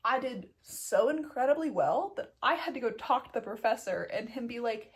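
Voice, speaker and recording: A woman's voice: on the high side, animated, normal speed, hardly any pauses. A young woman telling a story as a vet student in a casual vlog, blunt, self-mocking and full of swearing. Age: young adult.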